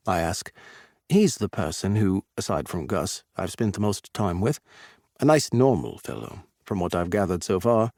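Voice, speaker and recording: A man narrating a romance audiobook in the first person with an expressive reading. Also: fairly low pitch, moderate pace, dry recording, clean studio sound.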